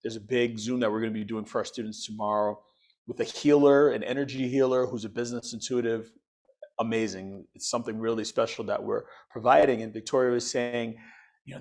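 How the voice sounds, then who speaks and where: A man's voice: mid-range voice, steady tone, brisk, darkish tone. A man guesting on an interview show, talking enthusiastically about teaching and using everyday comparisons to explain things. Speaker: podcast guest, financial educator. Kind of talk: upbeat interview talk.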